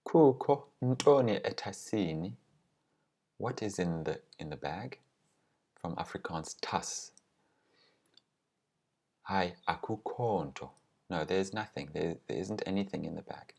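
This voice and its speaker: A man teaching language grammar, explaining with example phrases and pronouncing them slowly and carefully. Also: low voice, gravelly.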